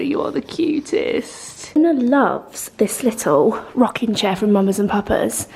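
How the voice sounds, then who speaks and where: A young woman chatting casually to camera at home, gentle and emotional, with lots of fillers. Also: medium pitch. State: emotional, close to tears. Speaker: vlogger. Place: home, indoors.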